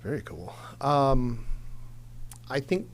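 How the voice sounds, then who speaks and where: A man in his forties speaks as a podcast guest, candid and emphatic. His voice sits at an everyday middle pitch, and he talks plainly in loose conversational sentences with the odd "um". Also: lively intonation, takes it slowly, a little hiss or hum. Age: 40s. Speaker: entrepreneur guest. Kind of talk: casual interview conversation.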